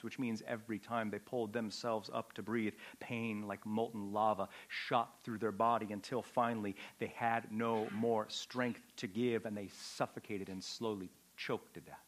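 A man preaching a sermon with a dramatic delivery, swinging from loud outbursts to a hushed, low voice. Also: fairly even intonation, normal speed, few pauses. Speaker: pastor.

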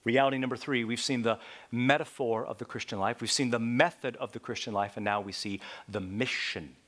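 A man preaching a sermon, swinging from loud, emphatic lines to hushed whispers and repeating key points. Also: mid-range voice, steady tone, fairly quick.

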